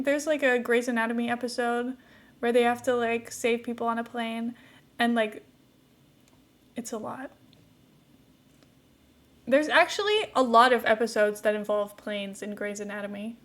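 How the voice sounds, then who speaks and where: A woman's voice: a little high, fairly even intonation, normal speed, long pauses, fairly bright tone. A young woman streamer chatting casually while playing a game, rambling with lots of "like" fillers and light laughs.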